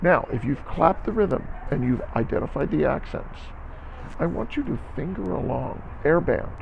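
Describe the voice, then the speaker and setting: A man's voice: on the high side, expressive, moderate pace, gravelly, highs cut off, a little hiss or hum. A man teaching a band lesson on video, counting aloud and coaching students, often checking in with "okay?". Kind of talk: instructional music lesson video.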